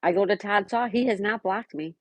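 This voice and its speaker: A woman hosting a casual live stream, chatting and answering viewers by name, sometimes dropping to a soft whisper. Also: medium pitch, a little fast, no room sound.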